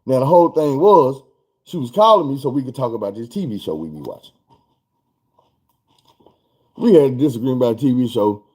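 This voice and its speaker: A man telling a story in a casual vlog, animated and profane. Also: mid-range voice, a little fast, pauses often, breathy edge.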